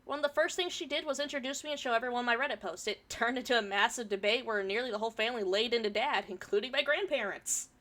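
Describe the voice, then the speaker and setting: A woman's voice: a little high, quick pace, few pauses, fairly bright tone. A woman streamer reading a forum story aloud and chatting about it, swearing casually, her throat a bit irritated from pollen.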